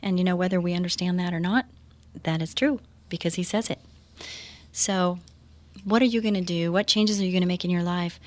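A woman's voice: on the low side, fairly even intonation, normal speed, darkish tone. A middle-aged woman hosting a faith-based radio talk show, earnest and encouraging, laughing often.

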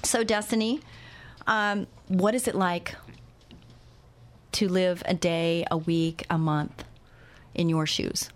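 A woman's voice: fairly low pitch, fairly even intonation, slow pace, long pauses. A woman hosting a radio talk show, interviewing a guest and making earnest, urgent appeals to listeners.

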